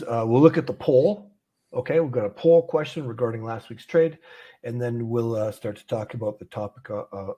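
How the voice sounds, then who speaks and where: A man from Canada hosts a live trading livestream in an office, casual and rambling, with many fillers and quick laughs. His voice is mid-range with a darkish tone.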